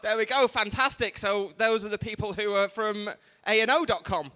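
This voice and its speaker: A man's voice: high voice, normal speed, bright, forceful tone. A man compering a live award ceremony on a stage microphone, doing crowd work with sweary, self-deprecating banter. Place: large hall at a live event. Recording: live stream from a reverberant hall.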